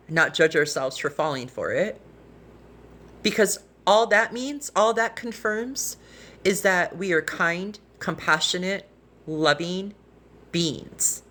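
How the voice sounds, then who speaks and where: A woman's voice: medium pitch, fairly bright tone, a little hiss or hum. Earnest, emotional woman on a live stream. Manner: earnest, heartfelt, rambling with restarts. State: tearful, emotional. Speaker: livestreamer. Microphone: phone.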